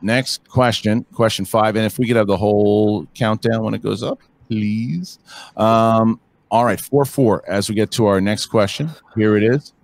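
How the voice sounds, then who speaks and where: Male quizmaster, low voice, slow delivery, reads trivia questions, counts down seconds. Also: vocal fry. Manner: measured, counting down slowly.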